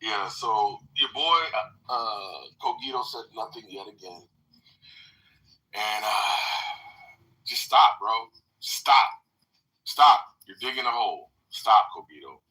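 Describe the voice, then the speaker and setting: A man's voice: fairly low pitch, measured pace, bright, forceful tone, low-quality recording. A man in a heated online voice-chat debate, scolding someone with repeated, emphatic, profane demands. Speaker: participant in an online audio room.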